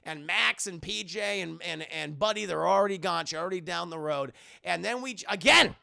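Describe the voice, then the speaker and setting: A man casually recapping a movie on a live stream, excitable and swearing as he talks to his chat. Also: sits high, brisk, gravelly.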